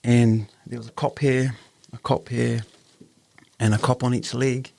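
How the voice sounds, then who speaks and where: A man's voice: mid-range voice, flat delivery, a little slow, creaky, a little mellow. A man with a New Zealand accent telling a personal story in a casual podcast chat, earnest, acting out the voices of the people in it. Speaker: podcast host.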